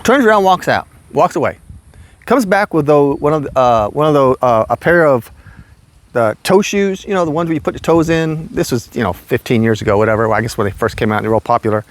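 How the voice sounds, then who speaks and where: A man in his sixties telling casual, rambling stories about his past work, getting animated as he goes. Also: brisk. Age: 60s. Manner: animated, rambling, jumps high when quoting himself. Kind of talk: casual storytelling.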